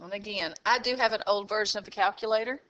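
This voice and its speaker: A woman's voice: mid-range voice, quick pace, fairly bright tone, muffled recording. A woman teaching a math class, explaining step by step and checking in with "okay?". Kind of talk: classroom lesson walkthrough.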